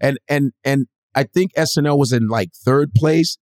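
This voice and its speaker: Animated storytelling comedian, dry sound. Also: male voice, medium pitch, moderate pace, dry recording. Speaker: comedian guest. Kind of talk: casual podcast chat.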